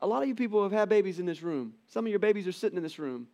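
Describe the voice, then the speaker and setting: A man preaching a sermon to his church in a conversational, animated way, with jokey asides. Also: sits high, very fast. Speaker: pastor.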